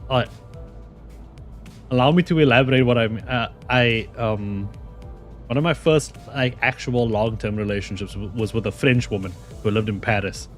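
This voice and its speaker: A man's voice: mid-range voice, normal speed. Chatty male streamer, rambles a lot and laughs, faint music behind. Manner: excitable, rambling, laughs often. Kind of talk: casual gameplay commentary.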